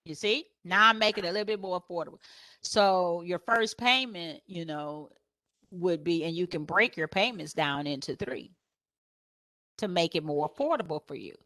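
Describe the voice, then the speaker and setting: A woman photographer sharing business advice on a panel. She tells stories and acts out her customers' questions in a higher voice, laughing often. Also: moderate pace, no room sound, clean studio sound. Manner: lively storyteller who acts out customers in a higher voice; laughs often while talking.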